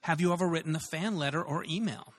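A man's voice: a little high, fast, big-room sound. A man hosting a casual interview, giving short affirmations and asking follow-up questions. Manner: relaxed, brief affirmations, asks follow-up questions. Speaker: podcast host.

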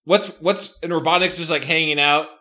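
A man playing a gamebook adventure, excitable with quick reactions. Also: on the high side. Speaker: player. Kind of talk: playing a tabletop-style gamebook.

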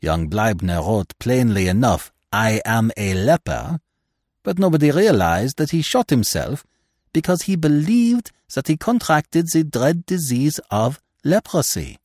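A man voicing a calm middle-aged male detective in an audiobook reading, gentle, measured and grave. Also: mid-range voice, no echo, clean studio sound. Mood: placid, explaining.

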